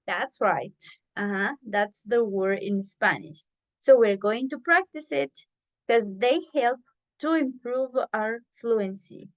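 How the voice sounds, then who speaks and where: Woman english teacher on a video call, kinda high voice, slow and patient, says things twice. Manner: patient, repeats herself to explain. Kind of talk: online class teaching. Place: online video class.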